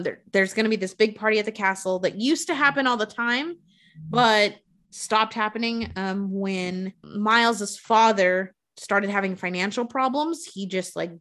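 A woman casually retelling a movie plot with frequent swearing, acting out the characters' lines. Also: medium pitch. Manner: profane, animated retelling with quoted voices.

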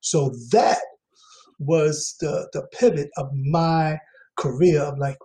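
A man's voice: fairly high pitch, steady tone, slow pace, warm tone, rough recording. A man, a guest actor, telling his story in a rambling way with many fillers and restarts. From Queens, New York. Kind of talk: casual interview talk.

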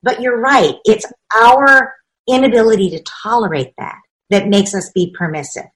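A woman with a slightly high voice, talking through parenting ideas as an expert guest in an interview. She explains with emphasis and slips into the voices of parents and children to make her points. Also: normal speed, a bit bright, rough recording. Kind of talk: conversational interview.

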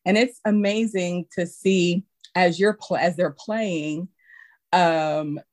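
A woman in casual conversation, recounting an anecdote and acting out the people in it with high, squealing voices. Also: slow pace. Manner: animated, acts out quotes in high squeals. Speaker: guest; childcare teacher. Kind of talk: casual storytelling chat.

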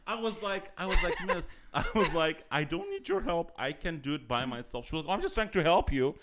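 A man's voice: on the high side, brisk. A man from Azerbaijan, a comedian, telling stories in casual podcast chat and laughing often. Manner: laughs often, animated storytelling. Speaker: comedian guest.

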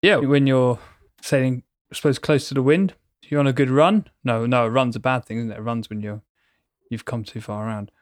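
A man's voice: mid-range voice, steady tone, a little fast, no echo, clean studio sound. Playful, rambling man in casual chat. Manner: playful, rambling, vivid storytelling. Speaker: podcast co-host.

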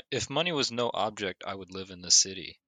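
A man co-hosting a podcast who answers in brief, dry remarks. His voice sits low but has a sharp, tense edge. The sound is close and dead dry. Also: animated, fairly quick, no room sound. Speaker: podcast co-host. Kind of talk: casual podcast chat.

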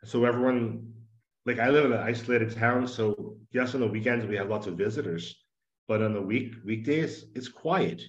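A man's voice: mid-range voice, moderate pace. Earnest man on a roomy lo-fi line. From United States. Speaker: podcast guest. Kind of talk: casual interview conversation. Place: home in a small town. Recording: roomy, dull lo-fi audio.

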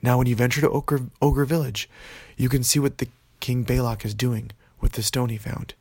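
A stern magic falcon from a storybook snarls out orders in a gravelly, husky voice, as a man puts him on. The sound is dry and close. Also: mid-range voice, fairly even intonation, moderate pace, a little mellow, no echo. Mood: commanding. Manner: snarling, commanding.

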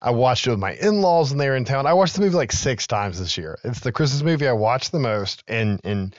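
A man's voice: medium pitch, lively intonation, fairly quick, no echo, dull audio. A man in his thirties, a podcast co-host, recapping a film in casual chat and acting out its lines with laughs.

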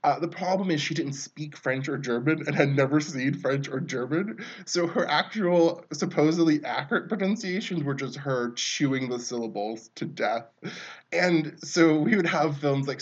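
A man's voice: mid-range voice, muffled recording. A man talking through a film review in a casual, rambling way, often breaking off mid-sentence and laughing.

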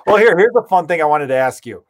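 A man's voice: fairly high pitch, expressive, fast talker, dry recording, studio quality. A man hosting a podcast in casual chat, easygoing and rambling with lots of fillers. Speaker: podcast host.

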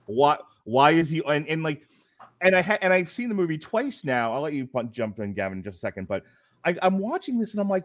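A man's voice: medium pitch, lively intonation, brisk, no room sound, studio quality. A man co-hosting a casual film review podcast, talking animatedly, often laughing and acting out quotes. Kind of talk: casual chat.

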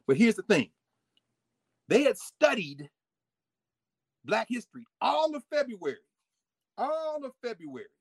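A man giving a lively history lecture with folksy asides, swinging his volume up and down. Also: medium pitch, breathy edge, dry recording. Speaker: history teacher. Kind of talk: lively history lecture with read-aloud quotes.

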